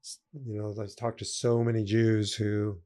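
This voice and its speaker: A man's voice: lowish voice, flat delivery, normal speed, warm tone. A man hosting a podcast interview, asking short, probing follow-up questions. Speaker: podcast host. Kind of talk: conversational interview.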